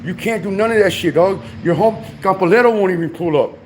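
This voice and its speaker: A man's voice: high voice, a little fast, a little hiss or hum. A man in a heated livestream rant from home, confrontational, repeatedly calling the listener dog and my boy.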